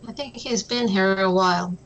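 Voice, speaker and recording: Woman, tabletop player, bright and casual. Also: mid-range voice, moderate pace, lo-fi sound. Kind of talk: tabletop role-play chat.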